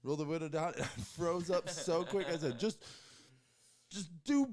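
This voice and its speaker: A man from Florida hosting a podcast, telling a story in animated casual chat and laughing often. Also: fairly high pitch, fairly quick, a crowd in the background. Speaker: podcast host.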